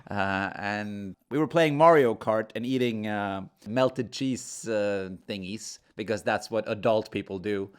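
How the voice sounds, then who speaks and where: A man's voice: lowish voice, measured pace, few pauses, clear, resonant tone. A man co-hosting a podcast in casual chat, throwing in dry quips and teasing. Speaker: podcast co-host.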